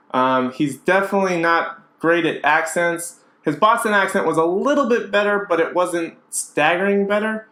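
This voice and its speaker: A man's voice: on the high side, a bit bright. Chatty man vlogging in an echoey room. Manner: chatty, opinionated, frequent fillers. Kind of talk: casual vlog commentary.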